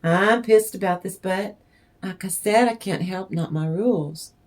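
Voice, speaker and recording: A woman's voice: mid-range voice, unhurried, darkish tone. A woman giving a channeled tarot reading in a blunt, emphatic way, with swearing. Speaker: tarot reader.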